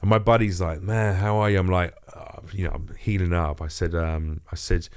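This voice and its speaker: Profane comedian telling a story. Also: male voice, deep voice, moderate pace. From England. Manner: profane, animated, acts out quoted voices. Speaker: comedian guest. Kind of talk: casual storytelling interview.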